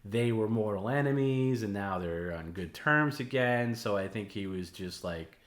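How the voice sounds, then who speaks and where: A man's voice: lowish voice, moderate pace, few pauses, roomy sound. A man hosting a casual late-night stream, talking in a rambling way with many fillers and restarts. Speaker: host.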